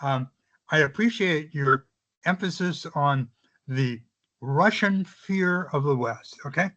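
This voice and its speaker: A man from the audience asking a question hesitantly, clearing his throat. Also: fairly high pitch, slow, fairly bright tone, highs cut off.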